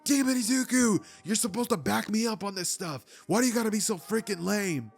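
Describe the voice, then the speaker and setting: A man's voice: medium pitch, fairly quick, soft background music, close to an everyday voice. A man voicing a hotheaded, brash teenage boy who bosses and scolds his friend. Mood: exasperated. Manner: bossy, scolding, exasperated.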